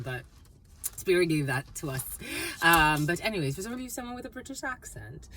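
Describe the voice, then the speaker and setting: A woman doing a casual, rambling intuitive reading, playful and quick to laugh. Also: on the low side, big pitch swings, fairly bright tone. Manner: rambling, playful, laughs often, terms of endearment. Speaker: psychic tarot reader.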